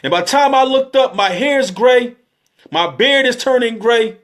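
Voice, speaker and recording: Guy in his 30s, high pitched, emotional pleading speech, keeps repeating himself. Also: moderate pace, fairly bright tone. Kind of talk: impassioned exhortation.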